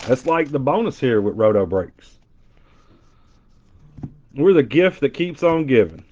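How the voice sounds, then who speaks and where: A man's voice: medium pitch, measured pace. Joking Southern man with a twang. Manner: joking, animated banter with chat, loud impressions. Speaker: card breaker. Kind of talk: casual live card-break chat. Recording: dull lo-fi stream audio.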